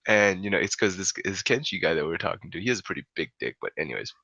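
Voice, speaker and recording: Brief: young male podcast host, low gravelly voice, bright and lively, rambling storyteller. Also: fast, dry recording, lo-fi sound. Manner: rambling, cursing, laughing often. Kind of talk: casual comic storytelling.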